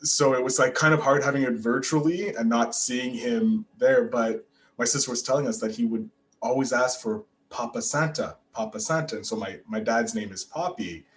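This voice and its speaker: A man hosts a podcast interview, chatty and animated, eager and casual, full of fillers and restarts. His voice is mid-range at a moderate pace, on a low-quality recording.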